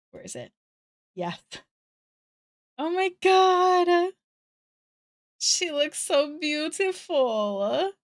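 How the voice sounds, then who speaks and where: A woman's voice: mid-range voice, a bit bright, no room sound, clean studio sound. A young woman chatting casually on a live art stream, bubbly and self-deprecating, gushing over fan art. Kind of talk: casual live-stream chat while drawing.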